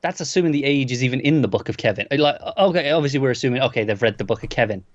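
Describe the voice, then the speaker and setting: A man co-hosting a casual TV review podcast, quick to nitpick and argue, often restarting his sentences. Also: medium pitch, expressive, no echo, dull audio. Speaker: podcast co-host.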